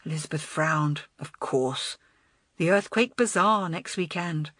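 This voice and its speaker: A woman narrating a children's audiobook in an expressive, storytelling manner. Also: sits low, a little slow, no room sound.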